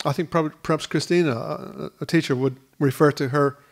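A man's voice: on the high side, fairly even intonation, fairly quick. Earnest man preaching a sermon. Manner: earnest, repeats words at restarts. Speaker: pastor. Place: school hall used for church.

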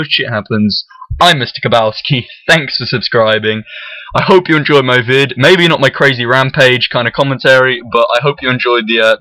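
A man giving angry, excitable, swearing commentary over his own gameplay video into a gaming mic. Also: mid-range voice, no echo, poor audio. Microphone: headset-style gaming mic.

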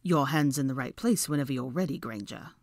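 A sulky young wizard, voiced by a woman reading a story aloud, drawling every word with a sneer. The voice sits low and is dry and close, with no room around it. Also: moderate pace, no room sound. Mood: flat. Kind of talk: audiobook character voice.

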